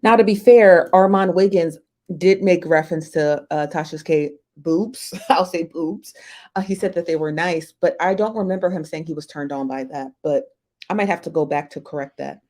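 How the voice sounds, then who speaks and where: A woman's voice: deep voice, normal speed, a little mellow. A woman hosting a casual livestream, chatting with viewers, greeting them by name and laughing often, recorded on a phone. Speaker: livestream host.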